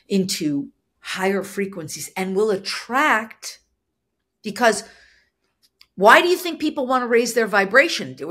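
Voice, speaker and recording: A woman teaching in a solo podcast, earnest and explanatory, with a husky voice that is soft yet firm, now and then acting out short quoted lines. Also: mid-range voice. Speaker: spiritual business coach.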